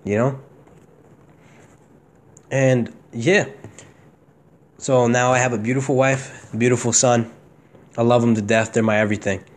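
A man's voice: mid-range voice, steady tone, measured pace, long pauses. A young man with a mid-range voice tells his own story on his podcast. He rambles, swears freely and leans on street slang, talking as if to a friend. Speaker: podcast host. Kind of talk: casual solo storytelling.

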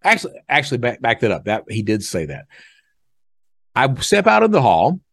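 A man hosting a podcast, telling a story in a casual, animated way and acting out other people's lines. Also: mid-range voice, normal speed, vocal fry, no echo, studio quality. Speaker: podcast host.

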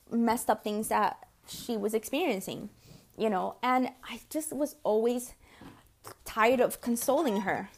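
A woman in her forties hosting a podcast, telling personal stories in a chatty, casual way and sometimes swearing. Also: fairly high pitch. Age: 40s. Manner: chatty, acts out quoted voices, swears casually. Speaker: podcast host and consultant. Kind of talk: casual storytelling monologue.

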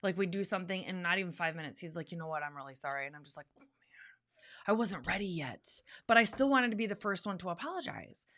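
Woman co-host, a bit low in pitch, earnest and candid in casual chat. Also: a bit bright. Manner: earnest, candid, repeats words for emphasis. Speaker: podcast co-host.

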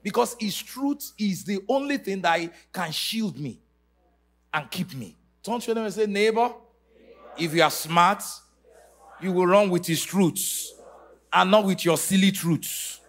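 A man preaches with a high, bright, gravelly voice. He is emphatic and falls into a sing-song cadence. He leads his church congregation in call-and-response. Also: measured pace. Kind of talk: sermon. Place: church service.

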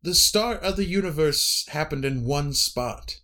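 A man voicing an aloof, weary female supercomputer oracle who speaks slowly and dryly. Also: a little high, expressive, sharp tone. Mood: dry condescending. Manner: slow, dry, condescending delivery.

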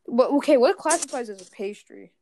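A woman hosting a casual chat, firing off quick teasing questions. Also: high-pitched, animated, a little mellow, slight background noise. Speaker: host.

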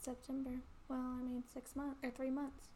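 Relaxed young woman, slightly high voice. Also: moderate pace, slight background noise. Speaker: podcast co-host. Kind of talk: casual chat.

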